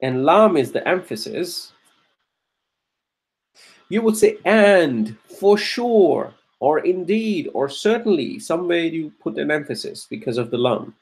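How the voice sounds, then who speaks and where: A man with a fairly high-pitched, darkish voice teaches Quranic Arabic grammar step by step. He restarts often and clears his throat frequently, chanting verses between his explanations.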